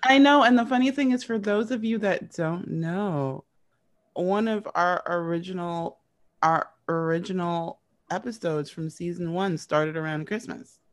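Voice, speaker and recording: Woman podcast cohost, excitable, repeats herself, stammers, casual chat. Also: on the low side, a little slow. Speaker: podcast co-host.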